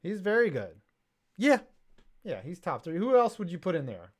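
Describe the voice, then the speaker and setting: A man's voice: high-pitched, huge pitch swings, normal speed. A young man co-hosting a sports podcast, casual and sarcastic, reading viewer messages aloud. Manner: jokey, sarcastic, reads viewer chats aloud. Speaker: podcast co-host.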